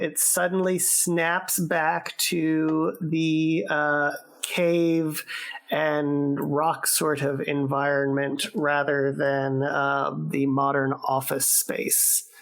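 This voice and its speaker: Low gravelly lady dm, slow, lots of uh and um while describing stuff. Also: steady tone. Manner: hesitant, filler-heavy descriptive narration. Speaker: dungeon master. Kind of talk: narrating a tabletop game. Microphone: remote call.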